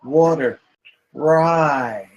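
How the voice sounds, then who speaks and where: A man's voice: fairly high pitch, very slow, exaggerated voice. A man voicing a lanky, nervous stranger who insistently questions the party in a tabletop game. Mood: wary, pushy. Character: lanky wary adult man, pushy and nervous.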